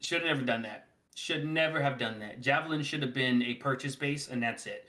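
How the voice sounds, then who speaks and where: A man co-hosting a gaming podcast, talking casually in an animated, rambling way and laughing often. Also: mid-range voice, brisk. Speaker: podcast co-host.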